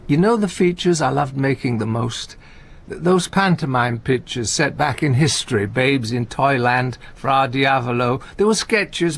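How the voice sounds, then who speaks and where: An actor playing a gentle, anxious older comedian in a radio play, talking in halting, stammering restarts. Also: male voice, on the high side, heavily acted. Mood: tender, coaxing. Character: aging male comedian, gentle, anxious, talkative. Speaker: visiting friend and comedy partner.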